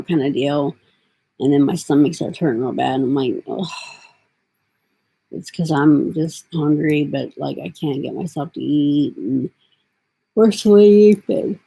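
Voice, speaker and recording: A middle-aged woman vlogs casually to her camera, rambling from one thought to the next with plenty of fillers. Her voice is low, gravelly, husky and dark in tone, and the audio quality is poor.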